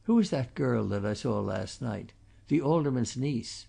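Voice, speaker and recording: A politely inquisitive newcomer asks about the locals, as a man reading puts him on. The voice is low-toned, husky and gravelly. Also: expressive, unhurried, mellow, full character voice. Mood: curious.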